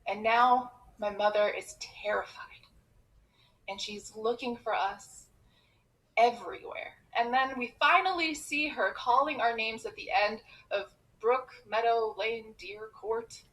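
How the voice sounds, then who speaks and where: A comedian from Iran telling a personal story with expressive, quick comic timing. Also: female voice, a little high, rough recording.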